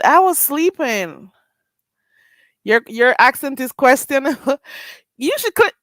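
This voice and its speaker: Lively Jamaican woman chatting on a livestream. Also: medium pitch, dry recording. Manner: animated, laughing, exclaiming at chat. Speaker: livestream host. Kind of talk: casual livestream chat reading comments.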